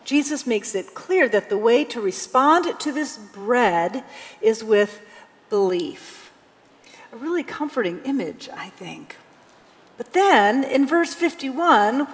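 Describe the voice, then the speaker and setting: Slow-preaching woman pastor in a hall. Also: high-pitched. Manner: conversational preaching with dramatic readings. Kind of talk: sermon. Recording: long hall reverb.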